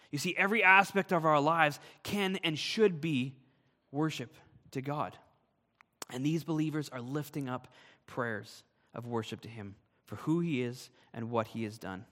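A man's voice: fairly high pitch, measured pace, sharp tone, big-room sound. A man, a pastor, preaching a sermon with earnest, emphatic delivery.

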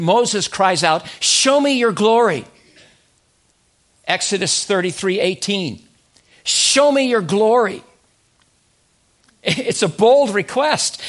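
A man with a high, light voice delivers a sermon. He presses his points with repeated rhetorical questions and slows down to land the key phrases. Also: fairly bright tone. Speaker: pastor.

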